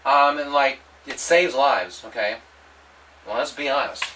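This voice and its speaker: A man delivering a rambling, provocative monologue, halting often and restarting his sentences. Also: medium pitch, sharp tone, recorded from a distance, low-quality recording. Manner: halting, with many restarts and repetitions. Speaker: vlogger.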